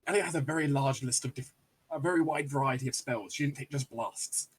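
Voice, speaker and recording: Game master, man, breathy voice, relaxed narration. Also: medium pitch, fairly quick.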